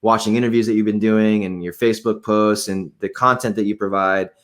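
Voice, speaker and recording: A man hosting an interview show, talking in an excited, enthusiastic way. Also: on the low side, fairly quick. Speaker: podcast host.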